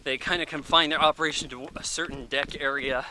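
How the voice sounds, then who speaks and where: A man's voice: on the high side, steady tone, a little fast, noisy background. A man in his thirties giving a casual, rambling movie review, chatty and offhand, thinking aloud with plenty of fillers.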